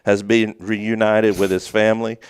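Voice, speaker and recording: A man's voice: fairly low pitch, flat delivery, normal speed, smooth, dry recording. A man co-hosting a local morning show, telling a long story in a rambling, casual way with many restarts. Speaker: co-host. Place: small studio.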